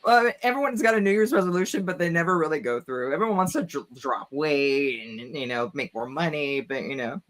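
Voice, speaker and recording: A woman co-hosting a podcast in casual chat, relaxed and hesitant with fillers. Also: sits low, fairly quick, few pauses. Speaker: podcast co-host.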